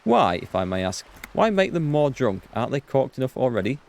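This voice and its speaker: A man reading the lines of a calm, thoughtful older woman in a game, using a slightly raised voice that stays close to his own. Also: mid-range voice, brisk, gravelly.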